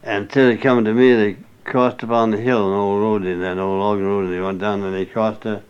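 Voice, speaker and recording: A man's voice: fairly low pitch, little pitch movement, fairly quick, clear, resonant tone. An older man being interviewed, telling rambling stories in a folksy, salty way with chuckles. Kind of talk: rambling oral-history storytelling. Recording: muffled lo-fi recording.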